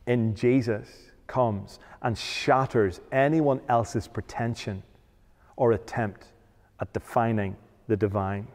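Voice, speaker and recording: A man's voice: mid-range voice, a little mellow. Man, preacher, emphatic sermon, rhetorical questions, echoing church hall. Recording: long hall reverb.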